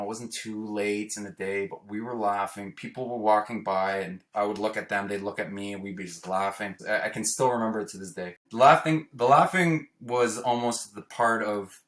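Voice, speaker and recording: A man from Toronto telling a personal story in a casual, animated way. He acts out the quoted lines and tags his sentences with "right?". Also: on the low side. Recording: roomy echo.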